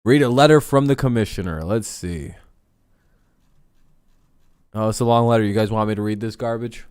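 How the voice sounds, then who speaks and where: A man hosts a casual sports talk stream, rambling bluntly and swearing freely. His smooth, medium-pitched voice has a darkish tone at normal speed, recorded dry and close with no room sound.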